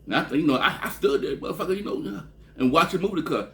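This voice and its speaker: A man from Texas telling a long, rambling story in a casual, profane way, often trailing off with a low "man" at the end of a phrase. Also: lively intonation, quick pace, a bit bright. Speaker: vlogger.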